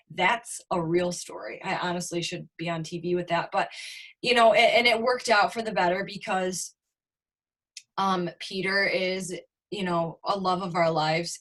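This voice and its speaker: A woman's voice: fairly low pitch, a bit bright. Woman, young adult, business coach, candid storytelling, frequent swearing, video call audio. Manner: candid, swears freely, fills talk with "like". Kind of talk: casual personal storytelling on a team call.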